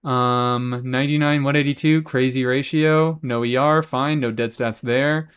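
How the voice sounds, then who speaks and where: A man's voice: medium pitch, fairly even intonation, unhurried, fairly bright tone, clear, resonant tone. A man live-streaming a game, chatting casually and answering chat, swearing freely as he talks. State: has hiccups.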